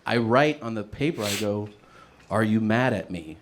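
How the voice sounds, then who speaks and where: A man spins a stand-up story and jumps into the voices of the people in it. The clip is played back with a steady noise under the voice. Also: on the low side, moderate pace. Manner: animated, acts out the people in his story. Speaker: stand-up comedian.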